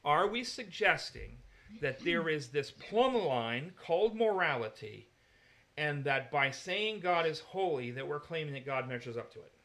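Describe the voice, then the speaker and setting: Man, Bible teacher, fairly high voice, argumentative and emphatic in discussion. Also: sing-song, a little slow, a bit bright.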